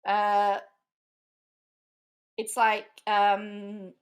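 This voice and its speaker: A woman's voice: mid-range voice, completely flat delivery, very slow, clear, resonant tone. A middle-aged woman talking casually on a live stream, emotional, laughing often and repeating herself. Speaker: vlogger.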